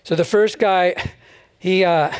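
A high-voiced pastor chuckling through his sermon. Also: fairly even intonation, slow pace, smooth. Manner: conversational, chuckles often between phrases. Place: church service.

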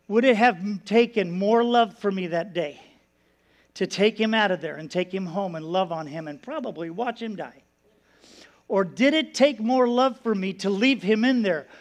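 A man's voice: extremely high pitch, a bit bright. A middle-aged man preaching, telling a personal story with earnest emotion and acting out the voices in it. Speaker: pastor. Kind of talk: sermon.

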